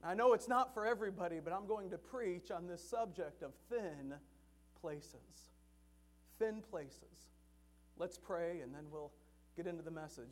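Tenor-range male preacher for a chapel sermon, moves from quiet storytelling to loud, fervent emphasis. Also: sits high, measured pace.

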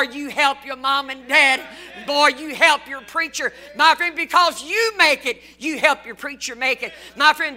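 A man's voice: extremely high pitch, pushed and bright. A man preaching a fervent sermon, repeating lines and adding folksy asides.

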